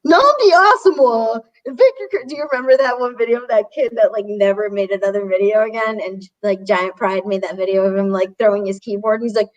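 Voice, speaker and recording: A woman's voice: mid-range voice, steady tone, quick pace, few pauses, darkish tone, highs cut off. Blunt swearing woman fan. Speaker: podcast co-host. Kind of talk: casual sports chat.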